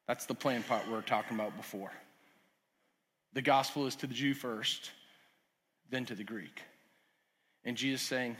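A man's voice: moderate pace, long pauses, breathy edge. Male preacher with a ringing hall echo. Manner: swings from loud urgent emphasis to quiet lowered asides. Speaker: pastor. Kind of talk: sermon. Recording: long hall reverb.

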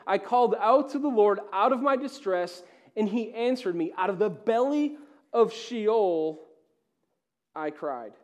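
A male pastor delivering a sermon, swinging between loud emphatic peaks and hushed, quiet passages. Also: sits high.

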